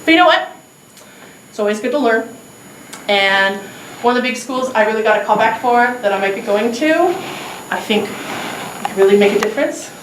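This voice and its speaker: A woman's voice: fairly high pitch, expressive, normal speed, long pauses, roomy sound, noisy background. Self-mocking woman storyteller, far off. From Los Angeles area. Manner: self-mocking, hesitant, many fillers. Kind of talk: live comic storytelling.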